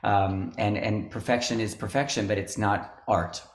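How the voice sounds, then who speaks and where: Man, choir teacher, low voice, meandering talker, roomy video-call sound. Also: fairly even intonation, normal speed. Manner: rambling, many fillers and restarts. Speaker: choral music teacher. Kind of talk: casual video-call conversation.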